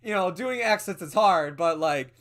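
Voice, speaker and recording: A man's voice: high-pitched, animated, normal speed, a bit bright. A man co-hosting a movie podcast, talking in a rambling casual way with frequent laughs and fillers. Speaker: podcast co-host. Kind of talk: casual movie review chat.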